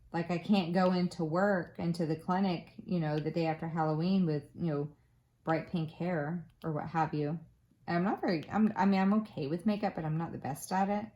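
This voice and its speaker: A woman in her thirties or forties crafts on camera and chats loosely, poking fun at herself and filling her speech with ums and such. Her voice is fairly low and a little mellow, with a slight Southern Florida twang.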